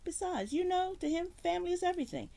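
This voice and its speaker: A woman's voice: extremely high pitch, expressive, quick pace, vocal fry, warm tone, pitched above the performer's own voice, full character voice. A woman voicing a big, threatening male mob enforcer with clipped tough-guy talk. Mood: menacing.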